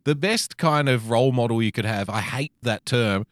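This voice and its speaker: A man's voice: mid-range voice, normal speed, dry recording, clean studio sound. A young man co-hosting a podcast, ranting bluntly and swearing often in casual banter. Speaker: podcast co-host.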